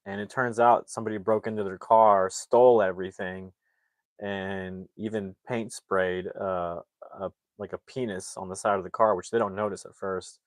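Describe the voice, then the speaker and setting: A man's voice: deep voice, little pitch movement, normal speed, no room sound. A man casually recapping a film's plot as a movie reviewer, rambling with lots of fillers.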